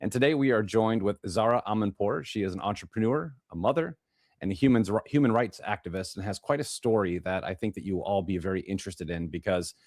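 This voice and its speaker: A man's voice: fairly low pitch, fast talker, darkish tone, dry recording, clean studio sound. A man with a Chicago accent hosting a talk show, rambling and restarting his phrases as he introduces a guest. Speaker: podcast host. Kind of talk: casual monologue introducing a guest.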